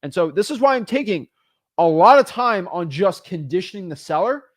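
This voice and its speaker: A man teaching real estate wholesaling in an energetic, animated way, often restarting and repeating words as he talks. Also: sits high, normal speed, no room sound, clean studio sound. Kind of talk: energetic teaching with phone role-play. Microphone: studio microphone.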